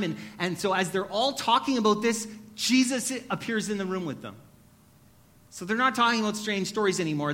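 A man preaching a sermon, earnest, often dropping to soft, hushed tones. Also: sits high. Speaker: pastor.

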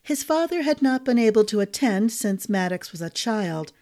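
A woman narrating a fantasy novel for a storytelling podcast in a measured, dramatic reading style. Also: on the high side, lively intonation, a little mellow.

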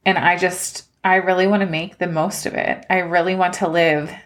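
A woman's voice: lowish voice, flat delivery, normal speed. A woman in her thirties hosting a personal podcast, talking earnestly and close to tears. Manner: earnest, emotional, tearful at times. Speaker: podcast host. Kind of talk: personal life-update podcast.

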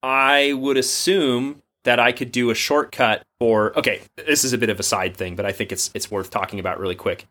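An American man with a bright, forward voice chats about tech from his home office over a remote call. He is enthusiastic and jokey, rambling through his points as a podcast co-host. His voice sits at an ordinary middle pitch. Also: steady tone, moderate pace, hardly any pauses. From United States. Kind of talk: casual tech chat. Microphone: remote call mic.

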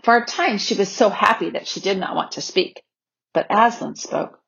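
A woman reading a children's novel aloud in a gentle, measured way, on a slightly dull recording. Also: mid-range voice, vocal fry, breathy edge. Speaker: audiobook reader. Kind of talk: storybook narration.

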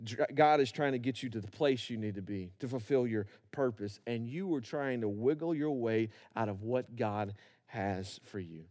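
A man's voice: mid-range voice, normal speed, darkish tone. A man preaching a sermon, acting out biblical characters and building to rhythmic repetition. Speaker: pastor.

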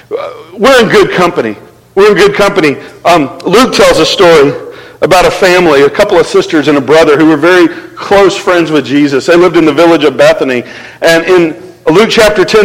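High-voiced preacher in a big hall. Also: male voice. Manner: conversational, animated, asks the crowd to respond. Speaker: pastor. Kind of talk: sermon.

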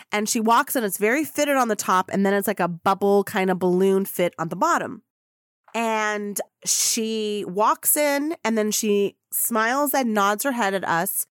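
A woman hosting a podcast, telling a personal story in an excitable, gushing way and swearing casually. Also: mid-range voice, a little slow, no room sound, studio quality. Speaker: podcast host.

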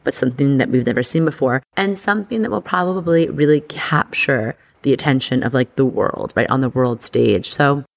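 A woman hosting an astrology podcast, talking in a chatty, excitable way full of "like". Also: very deep voice, normal speed, vocal fry, hardly any pauses. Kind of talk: casual podcast monologue.

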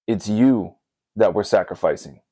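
A man voicing Abraham, an aging father who is anguished and weary, speaking in low, halting words as he retells a story in a sermon. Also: warm tone, no room sound, clean studio sound.

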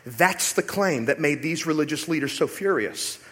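A man preaching a sermon as pastor in a church, animated and rhetorical, sometimes acting out other voices. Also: on the high side, moderate pace. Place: church sanctuary. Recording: long hall reverb.

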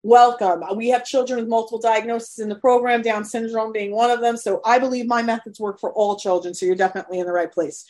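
A woman's voice: a little high, fairly even intonation, fast, hardly any pauses, darkish tone. A woman coaching parents in a live webinar, talking in an earnest, motivational way and swearing openly. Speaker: potty training coach.

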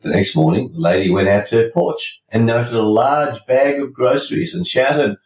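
A low-voiced man hosts a podcast with an emphatic, preachy delivery and the odd joke. He sits back from the mic in a roomy space. A faint ambient hum runs underneath. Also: moderate pace, hardly any pauses, darkish tone, far from the mic. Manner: emphatic, preachy, tells jokes. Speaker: podcast host. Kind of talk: scripted podcast monologue.

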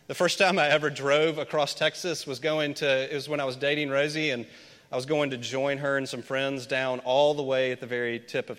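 A man's voice: mid-range voice, fairly bright tone. A man from Memphis preaching a conversational sermon as a pastor, chatting with the congregation and putting questions to them. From Memphis, USA. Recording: long reverb of a large hall.

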